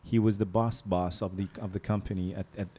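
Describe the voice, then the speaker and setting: A man's voice: deep voice, fairly even intonation, a little fast, mellow, slightly rough. A man chatting casually on a podcast, telling rambling stories, laughing often and mimicking people. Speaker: podcast host. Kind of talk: casual chat.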